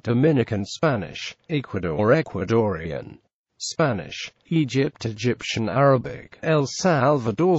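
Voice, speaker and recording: Man slowly reading a vocabulary list. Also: medium pitch, no echo, highs cut off. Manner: reads word by word with rising and falling list intonation. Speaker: vocabulary reader. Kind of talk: slow list reading for learners.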